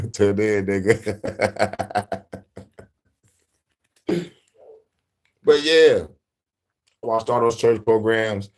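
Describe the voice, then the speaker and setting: A man hosting a casual, profane monologue, laughing often and telling stories with animation. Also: lowish voice. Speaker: host.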